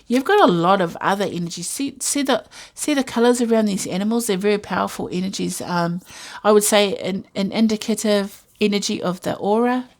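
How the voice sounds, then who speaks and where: A woman's voice: mid-range voice, brisk, hardly any pauses. A woman giving a casual intuitive tarot reading, musing aloud with many fillers and asides. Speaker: tarot reader.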